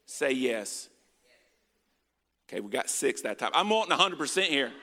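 A man's voice: medium pitch, big pitch swings, normal speed, pauses often, sharp tone. A man preaching a sermon to a congregation, emphatic and urging them to respond. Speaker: pastor. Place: large hall with congregation. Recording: live hall reverb.

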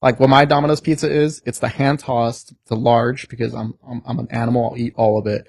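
A young American man telling stories in a casual podcast chat, animated and swearing freely. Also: mid-range voice, fairly quick, creaky, no echo. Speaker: podcast guest.

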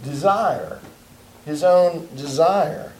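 A man preaching a sermon in a conversational, storytelling way, with loud bursts for emphasis. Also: fairly high pitch, drawn-out words, echoey room, low-quality recording. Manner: storytelling, acts out a comedy sketch. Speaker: pastor.

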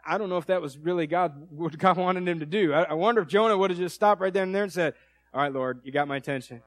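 A man preaching a sermon in a conversational, animated storytelling way, acting out quotes. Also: sits high, quick pace, dry recording.

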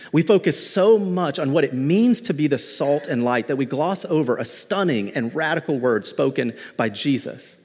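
A man pastor preaching a sermon in a conversational, animated way, mixing in light humor, in a church. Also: medium pitch, breathy edge, in a large hall. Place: church sanctuary.

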